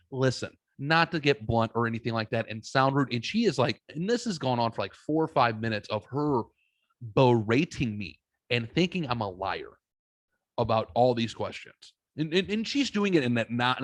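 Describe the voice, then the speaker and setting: A man in his thirties tells a story in a blunt, profane way, voicing each side of the exchange himself. His voice sits at an ordinary pitch for a man. The sound is close and dry, with almost no room around it. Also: no echo. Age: 30s. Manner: blunt, profane, acts out both sides of stories. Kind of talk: casual podcast storytelling.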